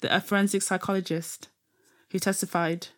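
Young woman co-host, casual podcast banter, laughs often, mid-pitched. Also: a little fast. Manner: laughs often, chatty and animated, reads news items aloud. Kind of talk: casual chat.

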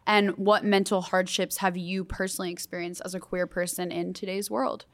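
A woman's voice: fairly low pitch, level tone, a little fast. A young adult woman hosting a casual round-table podcast, talking candidly and earnestly with frequent fillers. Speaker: podcast host.

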